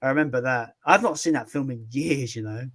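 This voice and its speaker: A man's voice: medium pitch, brisk, fairly bright tone. A man hosting a live movie chat, rambling casually with many restarts.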